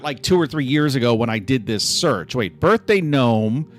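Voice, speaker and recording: A man's voice: mid-range voice, lively intonation, moderate pace, faint music behind. A man hosting a casual live stream, sarcastic and full of mock outrage. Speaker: livestream host.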